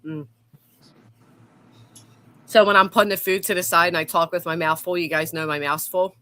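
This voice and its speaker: A woman's voice: on the low side, steady tone, normal speed, sharp tone. A woman hosting a livestream, chatting casually and swearing freely. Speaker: stream host. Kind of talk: casual chat.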